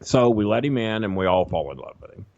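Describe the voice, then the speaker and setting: A man telling a long, profane, animated story in a casual podcast chat. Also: fairly low pitch, quick pace, no room sound, muffled recording. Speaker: guest storyteller.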